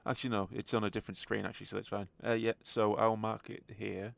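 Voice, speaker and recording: A man running a tabletop game as game master, with relaxed fillers and chuckles. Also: on the low side, quick pace, gravelly, dry recording.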